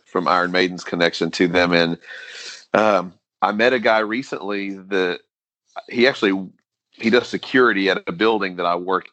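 A man's voice: deep voice, normal speed, a bit bright, no room sound. A man hosting a casual interview, curious and laughing easily as he asks his guest questions.

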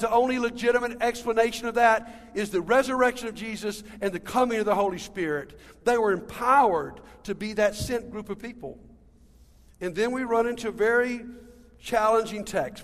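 Guy preaching, high voice, big hall reverb, talks right to the crowd like friends. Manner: direct, addresses the congregation as friends and guys. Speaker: pastor. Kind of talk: sermon. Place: church sanctuary. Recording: long reverb of a large hall.

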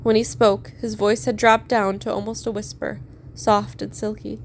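A woman narrating a story aloud in a steady, measured reading. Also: mid-range voice, slight background noise. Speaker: fan fiction reader.

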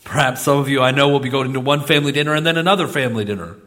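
A middle-aged male pastor preaching a sermon in a church, swinging between loud exclamations and soft asides. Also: mid-range voice, very fast. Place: church sanctuary.

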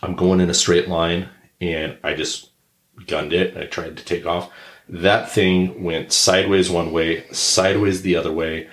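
A middle-aged man co-hosting a podcast, telling a casual story and acting out other people's yelling. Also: low voice, a little slow. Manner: animated anecdote teller who acts out others' yelling. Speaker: podcast co-host. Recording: roomy echo.

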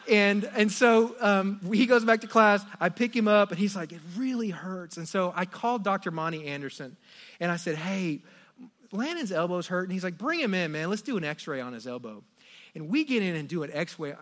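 Recounting a family story in his sermon, a middle-aged male pastor speaks in a high-sitting voice. His delivery is animated, shifting between quiet asides and loud outbursts.

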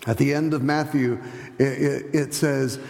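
A man preaching a sermon, telling stories and acting out the voices in them, sometimes dropping soft and low for emphasis. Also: steady tone, measured pace, gravelly. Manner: storytelling, acts out voices in anecdotes; hesitant restarts, drops to soft low tones for emphasis. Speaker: pastor. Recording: long hall reverb.

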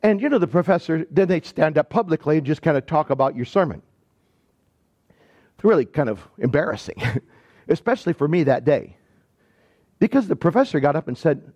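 A high-pitched male pastor from Michigan delivering a sermon in a church. He talks with the congregation in an animated, storytelling way. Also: fairly quick, pauses often, dull audio. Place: church sanctuary.

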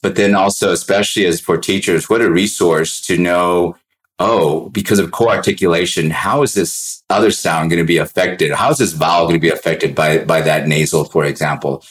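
A man with a very deep voice speaks on an education panel with enthusiasm. He often repeats a word or two as he gathers his thoughts. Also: fairly even intonation, moderate pace, rough recording. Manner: enthusiastic, repeats words while thinking. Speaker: literacy expert panelist. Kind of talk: panel discussion.

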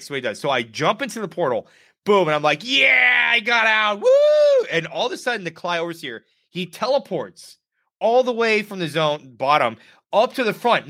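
Podcast co-host, male, bright and punchy, tells stories animatedly. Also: fairly high pitch. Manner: animated storyteller, acts out quotes. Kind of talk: casual gaming podcast chat.

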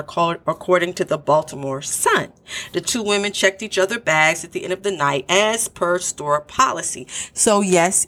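A woman's voice: fairly low pitch, fairly bright tone. A woman telling a true crime story in her own words, with blunt asides to the listener. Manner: opinionated, talks straight to the listener. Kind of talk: true crime narration with commentary.

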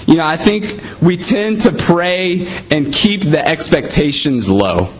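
A man's voice: fairly high pitch, animated, slow, slight background noise, rough recording. A man preaching a sermon in a conversational way, often saying "you know".

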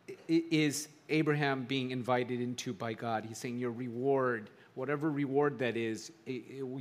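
Middle-aged male pastor, fairly high voice, chatty sermon delivery with emphatic swells. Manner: conversational, animated preaching with rising emphasis.

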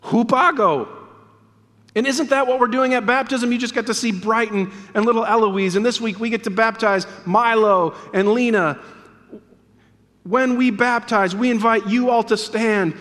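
A man's voice: extremely high pitch, steady tone, moderate pace, fairly bright tone. A man preaching a sermon in a church as pastor, earnest and emphatic, repeating key words for weight. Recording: long reverb of a church hall.

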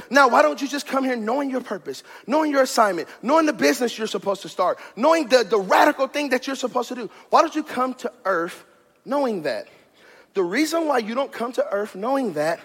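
A man preaching a sermon as pastor of his church, in a fiery, rhythmic style that builds to shouted climaxes. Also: very high-pitched, animated, brisk, husky, long reverb tail. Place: church sanctuary.

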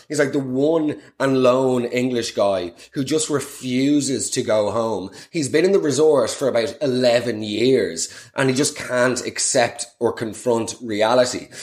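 Sarcastic, profane podcast host. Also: male voice, mid-range voice, echoey room. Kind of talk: comic storytelling monologue.

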